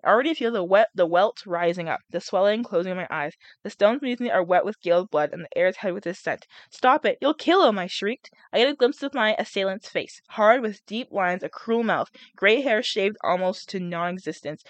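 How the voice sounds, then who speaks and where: A woman's voice: mid-range voice, expressive, fairly quick, hardly any pauses, dry recording. A young woman reading a novel aloud and breaking off to chat and react, with laughs and groans between passages. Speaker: reader and vlogger.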